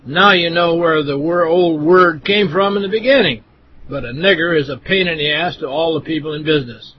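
A man's voice: on the high side, a little hiss or hum. A man reading aloud from a first-person text in a blunt, contemptuous manner. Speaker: reader. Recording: dull lo-fi recording.

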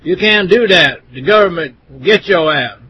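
A man voicing a brash, angry woman customer who snaps back loudly, his voice a little raised. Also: high-pitched, expressive, normal speed, a little hiss or hum. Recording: dull lo-fi recording.

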